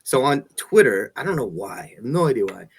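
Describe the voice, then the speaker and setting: A man interviewing a guest in a relaxed conversation, joking and laughing often. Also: medium pitch, brisk, gravelly, slightly rough. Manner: laughs often, loose and chatty. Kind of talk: casual chat.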